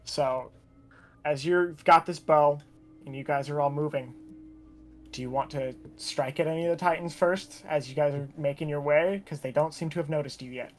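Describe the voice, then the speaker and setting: A man's voice: fairly high pitch, fairly even intonation, moderate pace, soft background music. A man running a tabletop role-playing game as game master, narrating in a casual, laid-back way.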